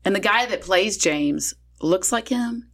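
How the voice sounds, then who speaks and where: A woman in a casual chat, animatedly telling a family story and acting out what people said. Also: unhurried. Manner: animated storyteller who acts out quotes with big pitch jumps.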